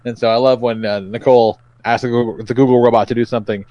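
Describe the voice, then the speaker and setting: A man's voice: medium pitch, fast talker, no room sound, lo-fi sound. A man co-hosting a comedy podcast, telling stories casually with lots of swearing and acted-out quotes. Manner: profane, animated storytelling, acts out quotes. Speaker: podcast co-host.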